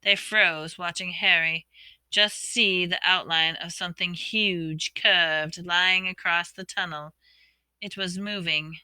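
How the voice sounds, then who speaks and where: Bright, crisp woman reading a storybook. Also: on the low side, steady tone, slow, no room sound. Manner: reads expressively, voicing characters' shouts and whispers. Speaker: audiobook reader.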